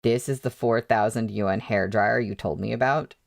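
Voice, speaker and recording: A man's voice: lowish voice, steady tone, moderate pace, creaky. A man reading as a stern, cold older brother. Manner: curt, scolding.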